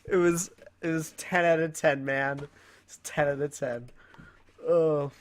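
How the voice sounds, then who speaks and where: A man's voice: on the high side, fairly even intonation, measured pace. A teenage boy hosting his own channel, rambling through stories in a casual way and laughing often at himself. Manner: rambling, with frequent self-amused laughs. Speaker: channel host. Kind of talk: casual storytelling vlog.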